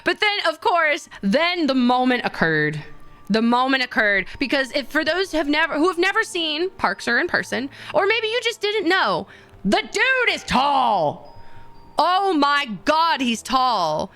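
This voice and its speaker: Young woman, VTuber streamer, bright voice, rambling casual chat, excitable, high-pitched. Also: measured pace. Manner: rambling and excitable, full of fillers, jumps into high squeals.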